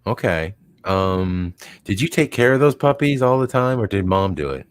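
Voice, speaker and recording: His fairly low voice is smooth with lively intonation, moving at a moderate pace in a dry recording. Hosting a live stream, he chats casually, rambles, chuckles and does silly dog voices when quoting them.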